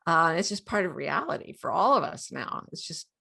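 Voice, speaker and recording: A guest author in her sixties tells stories animatedly during an interview, acting out quotes and laughing often. Her voice is on the low side with vocal fry, and she speaks at a moderate pace.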